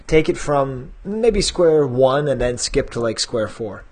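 A man's voice: medium pitch, animated, slow pace, darkish tone, breathy edge. A man hosting a collectors' podcast, chatting in a rambling, self-deprecating way. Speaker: podcast host. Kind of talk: casual podcast chat.

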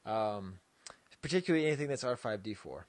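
A man's voice: fairly low pitch, lively intonation, brisk, no room sound. Rambling, jokey male podcast co-host. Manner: rambling and jokey, laughs often, trails off with "so". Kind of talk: casual chat.

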